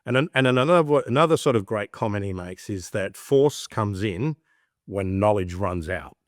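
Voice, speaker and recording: A man's voice: mid-range voice, moderate pace, no echo, studio quality. A middle-aged man with an Australian accent, speaking reflectively as a podcast guest and acting out little voices in his anecdotes. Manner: animated storyteller, acts out voices in anecdotes. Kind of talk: reflective interview talk.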